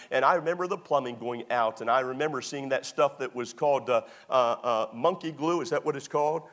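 A middle-aged man, a pastor telling self-deprecating stories in a sermon, full of fillers and restarts. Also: mid-range voice. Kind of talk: storytelling sermon.

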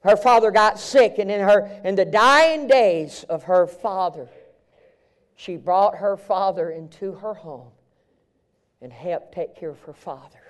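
A man with a strikingly high voice preaches a live sermon. He drops to near-whispers and then rises to shouts, repeating phrases in a fervent cadence. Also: measured pace.

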